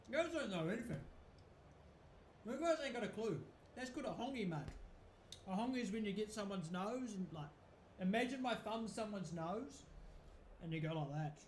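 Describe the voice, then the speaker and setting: During a live football watch-along, a fan streamer with a New Zealand accent chats casually, rambling and swearing freely. His voice is high and animated at normal speed, with long pauses, in an echoey room with slight background noise.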